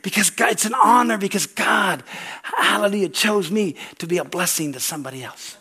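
An older man preaches from the pulpit, his fairly high voice rising and falling as he acts out conversations. He tells stories with humor and breaks into laughter along the way. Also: brisk, husky. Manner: animated storytelling, acts out dialogue, laughs often. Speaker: pastor. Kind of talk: sermon.

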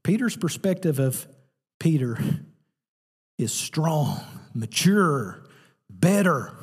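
A man preaching a sermon as pastor, telling a story with animated, lively delivery. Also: on the high side, takes it slowly, pauses often, breathy edge, in a large hall.

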